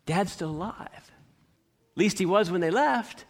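A man preaching a sermon, telling a scripture story with expressive shifts and rhetorical questions. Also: high-pitched, slow. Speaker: pastor.

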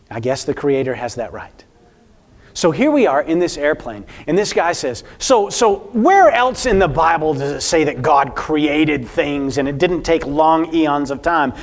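A man preaching a sermon to a congregation, telling a personal story and asking the listeners questions. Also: a little high. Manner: storytelling, animated, addresses congregation directly.

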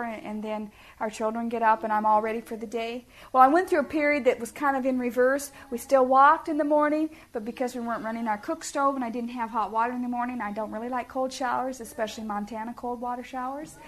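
Earnest middle-aged woman preaching to parents. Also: on the high side. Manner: earnest, homey, asks the audience questions. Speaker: speaker at a family ministry talk. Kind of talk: sermon-style talk to parents.

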